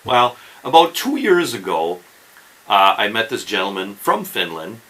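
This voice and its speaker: Male fishing host, low pitch, animated and forceful, casual how-to talk. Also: unhurried, low-quality recording. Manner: chatty, keeps checking in with "okay?" and "right?". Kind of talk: casual instructional talk to camera.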